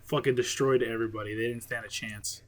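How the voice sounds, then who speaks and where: A young man in casual podcast chat, joking and laughing often as he pitches a best man speech. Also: fairly even intonation, fast, crowd noise.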